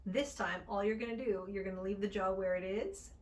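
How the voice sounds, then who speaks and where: A woman teaches an accent lesson as a speech coach, upbeat and encouraging. Her articulation is crisp and deliberate, and her voice sits at an ordinary middle pitch for a woman. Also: far from the mic.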